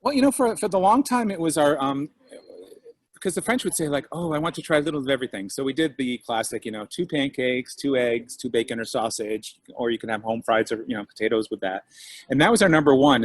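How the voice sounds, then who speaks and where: A man's voice: mid-range voice, fairly quick, dry recording. A man, a diner owner and author, chatting casually over a video call and acting out his customers' reactions. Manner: animated storyteller, acts out customers' voices.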